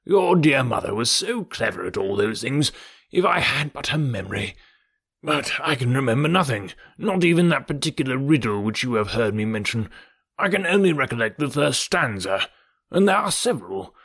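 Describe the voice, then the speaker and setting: A man voicing a fretful elderly gentleman who fusses and sighs over his family, in an audiobook reading. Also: medium pitch, big pitch swings, normal speed, breathy edge, dry recording, clean studio sound, exaggerated voice. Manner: sighing, fussy, anxious.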